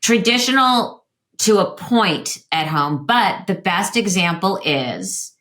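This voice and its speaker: A woman in her fifties, a guest telling candid stories with quick asides. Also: mid-range voice, lively intonation, fairly bright tone. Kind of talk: interview conversation.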